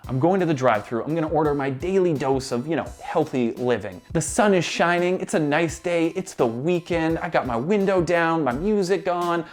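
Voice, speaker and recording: A man telling a comedic story in a lively, sarcastic monologue full of exasperated rants. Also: on the high side, moderate pace, few pauses, soft background music.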